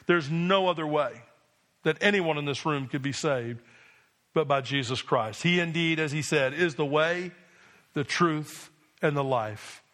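A male pastor delivering a sermon to his congregation, his voice pitched high for a man. He preaches with firm, emphatic repetition and keeps checking in with the room. The tone is bright and ringing. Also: a little slow. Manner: emphatic preaching with repeated call-and-response "Amen?".

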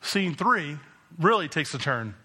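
A pastor from New Jersey preaches with a high, bright voice. He speaks emphatically and keeps putting rhetorical questions to his congregation. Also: sing-song, unhurried, slightly rough. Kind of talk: sermon.

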